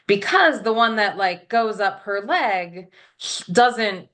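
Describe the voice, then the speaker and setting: Casual movie chat, animated woman with a bright voice who acts out scenes. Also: medium pitch, slow pace. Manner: animated, acts out characters in quotes.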